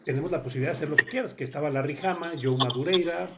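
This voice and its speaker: Rapid-fire male host. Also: a little high, very noisy. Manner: rapid, rambling retelling with fillers. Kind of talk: casual interview retelling.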